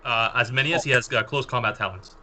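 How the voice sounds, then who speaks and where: A tabletop player with a very bright, cutting voice at an ordinary pitch. He chats eagerly, often stepping in to explain the rules to others. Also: fast talker. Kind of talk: casual chat at a game table.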